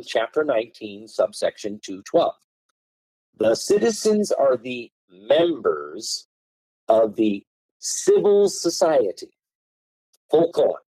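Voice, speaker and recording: A man lays out points of law in a lively, swooping voice, leaning hard on certain words so they stand out. His tone is mellow and a little husky, and the recording is close and dry. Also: medium pitch, no echo, poor audio. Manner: emphatic, hammers key words with tone changes. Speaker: guest. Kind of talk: explaining common law, reading statutes aloud.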